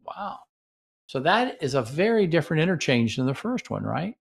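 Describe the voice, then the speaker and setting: A man's voice: a little high, very animated, moderate pace, gravelly, slightly rough. A man hosting a relationship radio show, explaining communication habits in a casual coaching way and often checking in with "right?". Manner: coaching, acts out partner dialogue, asks "right?". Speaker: radio host and relationship counselor. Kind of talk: casual teaching talk on radio.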